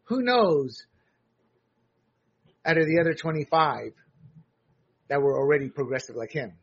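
A man's voice: on the high side, very animated, measured pace, husky, dull audio. An American man giving blunt, sarcastic solo commentary, often restarting his sentences. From United States.

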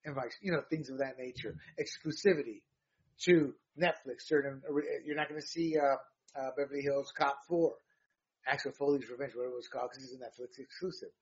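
A man's voice: mid-range voice, steady tone, a little fast, husky, muffled recording. A man hosting a news rundown show, delivering emphatic opinionated commentary that rambles with fillers and restarts.

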